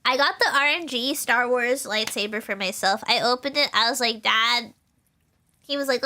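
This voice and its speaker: A woman's voice: on the high side, moderate pace, sharp tone. A young woman streaming, chatting casually in a rambling way, with lots of fillers and laughter. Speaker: VTuber streamer.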